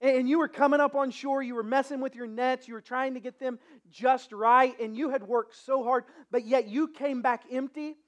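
Gentle, intimate Jesus, put on by a pastor in a sermon story; high-pitched, conversational, earnest. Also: fairly even intonation, moderate pace, few pauses, natural voice. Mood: reminiscing. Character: Jesus, a gentle man recalling the past with a friend.

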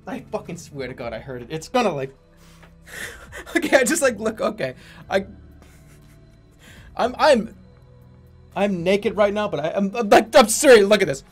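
A young man with a high, lively voice, chatting and swearing his way through a game stream. He rambles, laughs often and jumps up and down in pitch. Game music runs clearly underneath. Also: normal speed, long pauses. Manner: rambling, profane, laughs a lot. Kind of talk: casual let's-play commentary.

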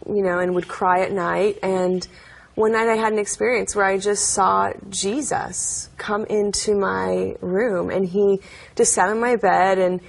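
A woman's voice: medium pitch, steady tone, measured pace, vocal fry, a little hiss or hum. A young adult woman, an interview guest, telling personal stories in an earnest, chatty way, with many fillers and frequent laughs. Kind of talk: interview storytelling.

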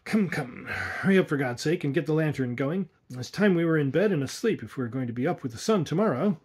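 A man's voice: expressive, a little mellow, slightly rough. A man voicing a nervous, irritable younger man, in a raised, tense tone. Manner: higher, tense and quick.

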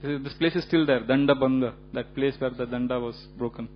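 A man giving a religious lecture, telling stories in an animated way with frequent chuckles and casual fillers. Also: medium pitch, fast talker. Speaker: speaker giving a temple lecture. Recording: dull lo-fi recording with faint hum.

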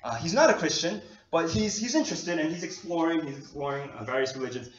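High-voiced pastor preaching in an echoey hall. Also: male voice, fast. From New York. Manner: animated, self-deprecating, laughing often. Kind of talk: conversational sermon. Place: church hall. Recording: echoey dull lo-fi hall recording.

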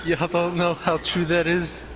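A man's voice: high voice, completely flat delivery, measured pace, a crowd in the background, low-quality recording. A man telling teasing stories in a laid-back way while chatting with friends over a game. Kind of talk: casual gaming chat with friends. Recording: loud background noise.

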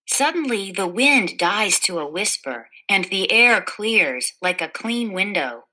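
A woman reads a children's picture book aloud, taking her time over every phrase. Her voice is bright and forward, and she tells the story gently, lifting the quoted lines so they stand out. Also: medium pitch, big pitch swings, takes it slowly, few pauses, low-quality recording. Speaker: storybook reader.

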